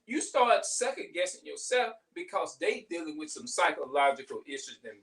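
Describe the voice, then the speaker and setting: A man's voice: a little high, very animated, normal speed, fairly bright tone, recorded from a distance. A middle-aged man venting in a heated, profane, rambling monologue, repeating himself as he goes. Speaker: vlogger.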